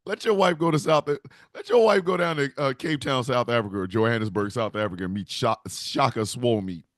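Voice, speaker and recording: A man delivering a rambling, profane comedy rant with animated storytelling. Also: medium pitch, fairly quick, no echo, studio quality.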